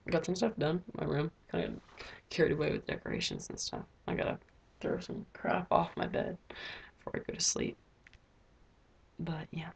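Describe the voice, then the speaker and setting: A teenage girl talks to her camera in a rambling video diary, filling her sentences with "like" and "um." Her voice sits a little low and carries a husky, fry-edged texture. She's recording close up in her own bedroom. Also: darkish tone, lo-fi sound. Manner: rambling, lots of "like" fillers. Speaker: vlogger.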